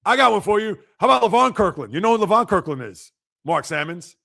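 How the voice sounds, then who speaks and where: This is a man hosting a casual sports livestream, reading out viewer comments and ribbing them in a competitive, playful way. His voice sits high and carries a gravelly rasp. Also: sing-song, quick pace, bright, forceful tone. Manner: teasing, competitive, reads and answers viewer comments. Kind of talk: casual live-chat banter.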